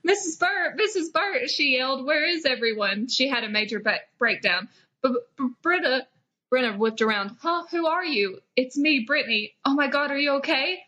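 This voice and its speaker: A young woman with a bright, fairly high voice reads old fan fiction aloud on a comedy podcast. She hams up the lines with dramatic flair and keeps dissolving into giggles. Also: lively intonation, normal speed, dull audio. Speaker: podcast host.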